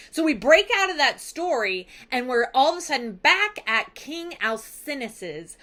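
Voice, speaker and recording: A woman teacher recapping a story in an animated, conversational way. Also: sits high, measured pace, few pauses. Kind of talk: recap lesson.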